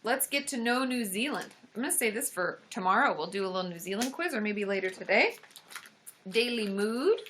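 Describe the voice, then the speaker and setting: A woman therapist hosting a casual livestream, excitable and gushing, full of gasps and exclamations. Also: medium pitch, a little fast, a little hiss or hum. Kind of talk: casual live-stream chat.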